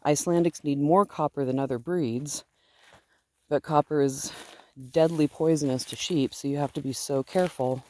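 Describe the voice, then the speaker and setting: Walking around her farm outside, this sheep-raising fiber farmer talks to her vlog audience in a relaxed, fond way, wandering off topic a little with filler words. She speaks at a moderate pace in a low-pitched, steady, slightly mellow voice.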